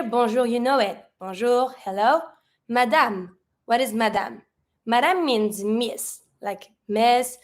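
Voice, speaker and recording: Patient woman teaching French phrases. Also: a little high. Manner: patient, asks questions to the learner; mixes French phrases into English explanation. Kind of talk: online language lesson.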